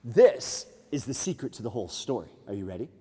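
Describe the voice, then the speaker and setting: A man working as a nature museum storyteller, telling an animated, playful tale to children with sound effects. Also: mid-range voice, a little fast. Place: library room. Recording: echoey hall.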